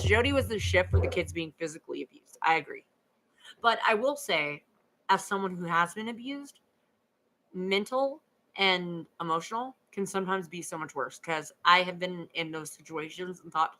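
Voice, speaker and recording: A woman hosting a true crime livestream in a casual chat, speaking earnestly and halting as she repeats words and fills gaps while she thinks. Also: fairly low pitch, fairly bright tone, rough recording. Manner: earnest, talks with many fillers. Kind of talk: casual livestream chat reading viewer comments.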